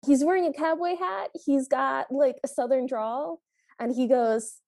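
A woman's voice: high voice, unhurried, vocal fry, a little mellow, no echo. A woman co-hosting a podcast, chiming in with easygoing recap chat. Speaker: podcast co-host. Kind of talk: casual movie recap chat.

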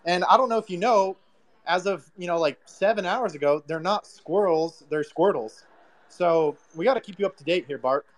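A man's voice: sits high, fairly quick. A man hosting a casual online voice chat, cutting in to tease and then talking at length.

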